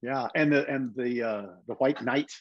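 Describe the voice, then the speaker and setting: A man's voice: mid-range voice, moderate pace, no echo, dull audio. A man in his seventies, a guest actor telling anecdotes in a casual interview and slipping into put-on voices when quoting people. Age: 70s.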